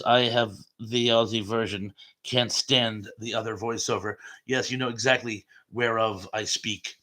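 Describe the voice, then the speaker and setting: A man's voice: fairly low pitch, fairly bright tone. A man hosting a live chat stream, reading viewer comments aloud in a chatty, rambling way with lots of ums and uhs.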